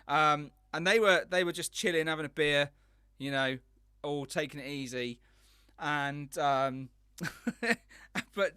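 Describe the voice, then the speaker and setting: Bright-voiced enthusiastic man. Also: a little high, clean tone, no room sound, clean studio sound. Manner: enthusiastic, rambling storyteller. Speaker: podcast host. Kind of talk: casual chat.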